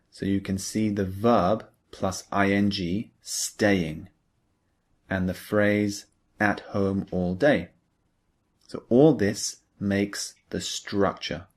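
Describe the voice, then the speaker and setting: A man's voice: fairly low pitch, a little mellow. A man teaching an English lesson, explaining a speaking pattern patiently and step by step. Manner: slow, patient, explains each example step by step. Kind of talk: scripted lesson narration.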